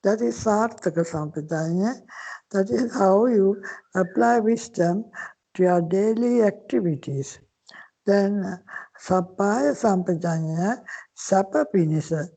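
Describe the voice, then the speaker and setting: A woman's voice: mid-range voice, gravelly, dark tone, low-quality recording. An older woman, a Buddhist nun, patiently explaining teachings in a dharma talk, sometimes dropping to a whisper. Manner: slow, patient explaining with Pali terms, occasional whispered phrases.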